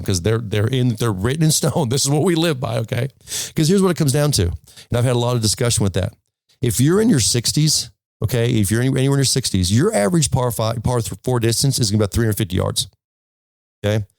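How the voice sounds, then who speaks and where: A man's voice: medium pitch, lively intonation, fast talker, gravelly, darkish tone, dry recording. A man giving a casual golf lesson to camera, emphatic and telling stories, checking in with "okay?" all the time. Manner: storytelling, full of restarts. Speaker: golf instructor. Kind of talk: casual instructional talk to camera.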